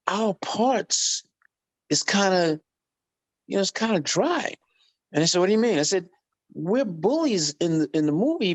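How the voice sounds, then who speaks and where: A middle-aged man, a guest on an interview podcast telling animated stories and acting out quoted voices. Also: sits high. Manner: lively anecdotes, acts out quoted voices. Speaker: guest musician.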